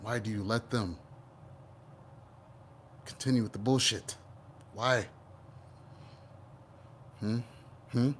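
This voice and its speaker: A man giving a casual tarot reading, animated and profane, teasing the listener and slipping into playful voices. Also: on the low side, slow pace, pauses often, a little hiss or hum. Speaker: tarot reader.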